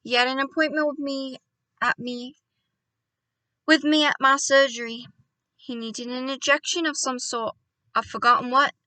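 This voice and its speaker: An excitable elderly country doctor bursts into loud, indignant outbursts, as a woman reader puts him on. The voice sits high and bright. It is recorded close and dry. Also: normal speed, pauses often, clean tone, dry recording. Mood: gleeful storytelling.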